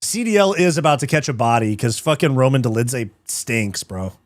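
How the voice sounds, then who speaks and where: A man's voice: medium pitch, animated, normal speed, no room sound. A man hosting a live fight watch party, chatting casually, reading chat aloud, swearing often and laughing easily.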